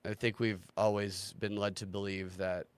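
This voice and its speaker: A man's voice: on the low side, flat delivery, normal speed, smooth, dry recording. A man hosting a livestream, talking casually in a sarcastic, ranting way and swearing freely. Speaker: livestream host.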